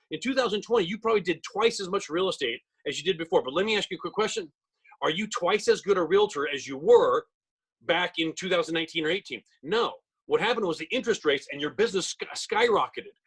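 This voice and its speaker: A middle-aged man leads a real estate training webinar, speaking very fast with an emphatic salesman's push. His voice sits high and has a husky edge. He talks into a computer mic on a video call. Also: poor audio. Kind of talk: webinar presentation.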